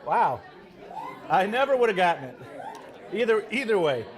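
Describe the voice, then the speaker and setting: Lively, playful man calling spelling words. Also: sits high, moderate pace, crowd noise. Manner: animated, playful, joking with contestants. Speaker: spelling bee word caller. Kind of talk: reading words for a live spelling contest.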